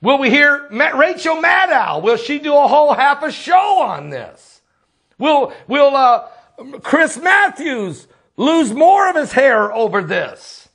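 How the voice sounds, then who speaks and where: High-voiced, fiery male preacher. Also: sing-song, slow pace, creaky, fairly bright tone. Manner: fiery, rhetorical questions, repetitive. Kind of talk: impassioned political commentary.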